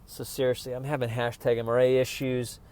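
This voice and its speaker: A man's voice: mid-range voice, flat delivery, brisk, darkish tone. Profane rambling man ranting. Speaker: vlogger. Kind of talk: casual rant to camera.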